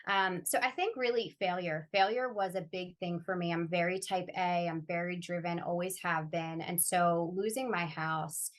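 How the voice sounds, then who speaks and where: A woman's voice: fairly low pitch, fairly even intonation, normal speed, hardly any pauses. A woman who works as a financial coach, answering interview questions candidly and sharing her own struggles in an earnest, heartfelt way. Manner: earnest, heartfelt, personal storytelling. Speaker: financial coach, podcast guest.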